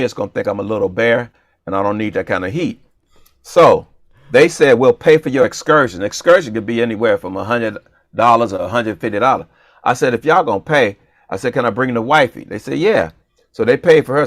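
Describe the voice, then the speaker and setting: A man's voice: medium pitch, no echo. A man chatting casually as a co-host, spinning a comic story with playful energy and putting on voices for the people in it. His voice sits mid-range and sounds close and dry, with no room around it. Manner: animated, playful, acts out dialogue. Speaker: comedian and show co-host.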